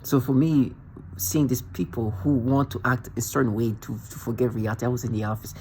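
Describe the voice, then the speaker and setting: A man's voice: mid-range voice, fairly even intonation, a little fast, a little mellow. A man with a mid-range voice rants in an angry, accusatory monologue, hammering the same points over and over. His tone stays confrontational throughout. A faint background hum sits under his voice. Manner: ranting, confrontational, repetitive. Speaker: vlogger.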